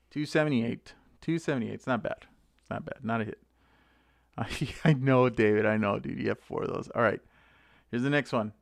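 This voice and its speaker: A man hosting a casual live stream, chatting excitedly to viewers by name as he opens card packs. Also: medium pitch, creaky, no room sound. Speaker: channel host opening card packs.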